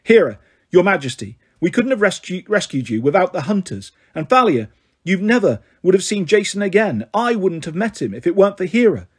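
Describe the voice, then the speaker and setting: An earnest teenage girl from a storybook reading , voiced by a man. Her husky voice pleads and insists with steady resolve. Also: sits high, a little fast, exaggerated voice.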